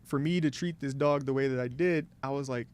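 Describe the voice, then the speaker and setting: A man's voice: medium pitch, a little fast, darkish tone, clear, resonant tone. Young man, from Mississippi, podcast guest, laid-back, laughing, casual chat.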